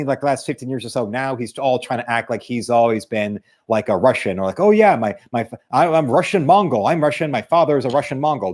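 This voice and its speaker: Man hosting a livestream, rambling chatty delivery full of restarts, middle pitch, sarcastic asides. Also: darkish tone. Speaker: art streamer, channel host. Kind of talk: casual livestream chat.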